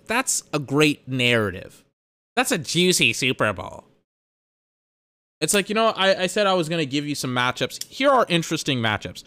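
Male podcast host, sarcastic ranter, smooth clear voice, dry close sound. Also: on the high side, pushed and bright, no room sound. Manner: exasperated, swearing, sarcastic. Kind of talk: ranting sports commentary.

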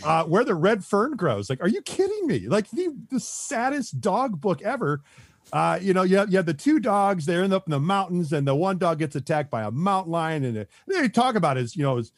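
Husky guy on a podcast, rambles with tons of ums, dry close sound. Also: high voice, no echo. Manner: rambling, heavy on fillers and restarts, chuckles often. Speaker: podcast guest. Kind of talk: casual podcast chat.

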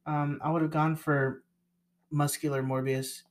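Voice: medium pitch, level tone, a little slow. A young podcast co-host recapping a movie in rambling casual chat, full of "like"s and restarts and frequent laughter.

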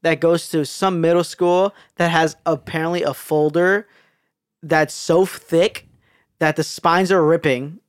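A man's voice: fairly high pitch, fairly even intonation, measured pace, clean tone, no echo, clean studio sound. A young man co-hosting a podcast, chatting casually in a gossipy, joking way. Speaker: podcast co-host. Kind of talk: casual chat.

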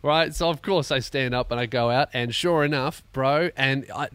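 A man's voice: mid-range voice, moderate pace, a bit bright, clean tone, dry recording. An Australian man hosting a comedy podcast, ranting sarcastically with lots of swearing while in pain from a neck injury. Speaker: podcast host.

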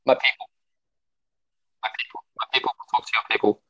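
Young Aussie male guest, easygoing banter, frequent restarts, mid pitch, close dry muffled recording. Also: level tone, quick pace, pushed and bright, slightly rough, no echo. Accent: Australian. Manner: laid-back, joking, stumbling restarts. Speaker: podcast guest. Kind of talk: casual chat. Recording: dull lo-fi audio.

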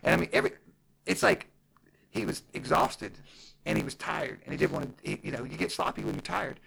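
A man who coaches grappling, chatting casually and telling profane, animated stories. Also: a little high, a little fast, gravelly, slightly rough, low-quality recording. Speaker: jiu-jitsu coach. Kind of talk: casual podcast chat.

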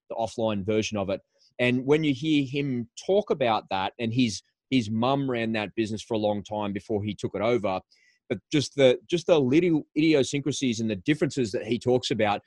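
A man's voice: on the low side, a little mellow, dry recording. A man hosting an interview in a studio, telling stories with enthusiasm and often repeating words as he gathers his thoughts. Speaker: podcast host. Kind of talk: casual conversational interview.

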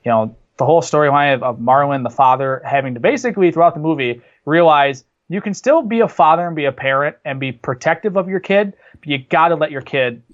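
A man talks through a film he loves in an enthusiastic, rambling way, his voice sitting a little high for a man. The recording is dull and lo-fi, as if the highs were shaved off. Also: brisk, hardly any pauses. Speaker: podcast co-host. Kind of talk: casual movie discussion.

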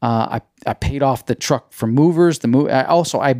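A man's voice: normal speed, a little mellow, no room sound, clean studio sound. A young man hosting a podcast, telling a long personal story in a rambling, casual way, filled with "like" and "you know.". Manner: acts out quoted dialogue with pitch jumps. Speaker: podcast host.

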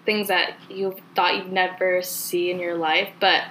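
A woman's voice: fairly low pitch, flat delivery, a little slow, pushed and bright, slight background noise, rough recording. Chatty young woman hosting a podcast. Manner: chatty, laughs easily, encouraging. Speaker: podcast host. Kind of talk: casual chat.

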